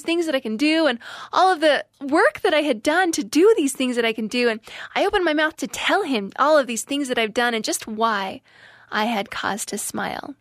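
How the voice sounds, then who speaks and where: Young woman, fairly high voice, devotional talk for youth, earnest emphatic storytelling, dry close recording. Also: lively intonation, brisk, dry recording.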